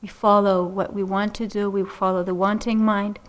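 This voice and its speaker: A middle-aged woman meditation teacher telling a personal story in a dharma talk, unhurried and gentle, laughing softly often. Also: medium pitch, little pitch movement. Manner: unhurried, gentle, frequent soft laughs and "you know".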